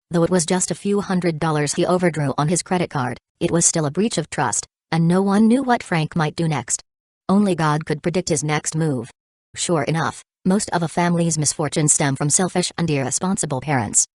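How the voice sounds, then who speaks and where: A woman narrates an audiobook in a steady, even reading. Her voice is low and dry, close to the mic with no room sound. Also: no echo. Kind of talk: scripted narration.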